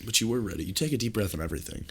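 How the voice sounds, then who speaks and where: Young male podcast co-host with a low voice. Animated storyteller who jumps up high to act out his panic. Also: very fast, a little hiss or hum. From US East Coast. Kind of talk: casual storytelling chat.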